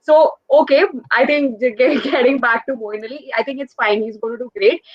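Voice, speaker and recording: A woman's voice: high-pitched, steady tone, fairly quick, no echo. A woman speaking as a fan guest on a video call, confident and opinionated. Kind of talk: casual chat. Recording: dry, slightly dull audio.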